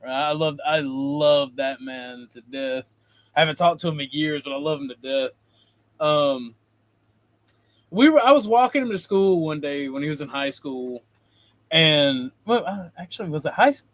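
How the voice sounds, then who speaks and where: A man's voice: a little high, animated, normal speed, fairly bright tone, no room sound. A man hosting a talk show, telling a long anecdote in a casual, profane way and laughing as he goes. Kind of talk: casual storytelling chat. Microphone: streaming call mic.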